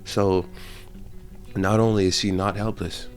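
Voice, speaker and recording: A man casually retelling a movie scene by scene, animated, with slang and profanity. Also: low-pitched, measured pace, faint music behind. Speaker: channel host.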